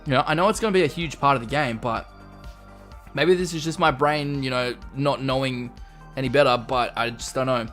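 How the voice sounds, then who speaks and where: A man hosts a relaxed live stream. His chatty voice sits mid-range as he reads viewer comments aloud and reacts to them. Faint music plays softly behind him. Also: mid-range voice, brisk. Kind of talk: casual live-stream chat. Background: faint background music.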